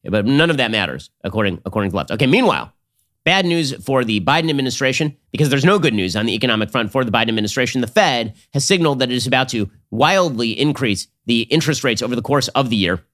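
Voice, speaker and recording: A man's voice: medium pitch, expressive, a bit bright. A man hosting a political commentary show, talking in a sarcastic, combative monologue. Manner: sarcastic, rapid-fire, combative.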